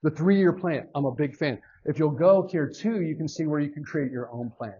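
A man's voice: on the high side, normal speed, dark tone, husky, dull audio. A man teaching a church Bible class, talking casually and animatedly and putting questions to the class.

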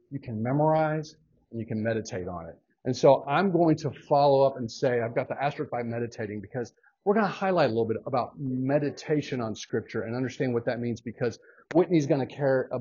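A man leads a church Bible study in a relaxed, conversational way, stopping often to put questions to his class. His voice is a little husky and sits in an ordinary middle pitch. The recording is dull and lo-fi.

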